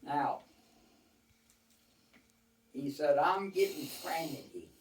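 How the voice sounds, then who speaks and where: An older man with a fairly high, animated voice draws out his words while telling rambling, folksy war stories casually to a small audience, quoting others at length. The recording sounds roomy, captured from far off the mic.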